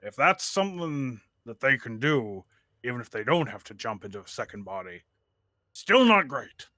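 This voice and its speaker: A man's voice: mid-range voice, sing-song, normal speed, pushed and bright, no echo, clean studio sound. A man playing a tabletop game, speaking hesitantly with many ums and uhs. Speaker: player. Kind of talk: tabletop game play, casual chat.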